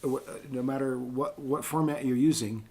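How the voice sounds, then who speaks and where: Chatty male voice actor, mid-pitched. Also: steady tone, a little fast, a little mellow, breathy edge. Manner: chatty, rambling storyteller. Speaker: voice actor guest. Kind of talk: casual interview chat.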